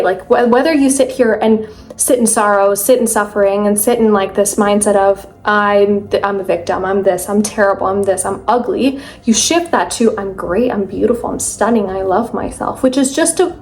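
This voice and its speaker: A woman's voice: fairly high pitch, a little mellow. Earnest young woman, motivational vlog. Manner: earnest, emphatic, fast with many fillers. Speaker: mindset vlogger. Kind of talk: casual motivational talk to camera.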